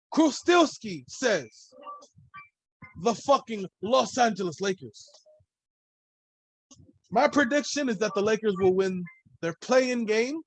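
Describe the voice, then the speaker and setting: A man's voice: high voice, no echo, rough recording. A man hosting a solo sports podcast, talking in a loose, rambling way and swearing freely. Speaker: podcast host.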